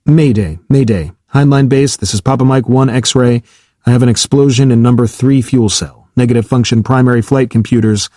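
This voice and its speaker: A man's voice: mid-range voice, normal speed, dark tone, no echo, clean studio sound, close to an everyday voice. A man voicing a blunt male naval test pilot in an audiobook, curt and clipped, swearing when pressed. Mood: clipped calm. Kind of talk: audiobook character reading.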